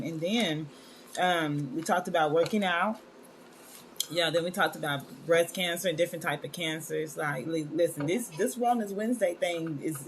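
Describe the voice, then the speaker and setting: A woman's voice: on the low side, a little hiss or hum. A woman hosting a wellness live stream in casual chat, scattered and talkative, calling her viewers y'all. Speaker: wellness show host.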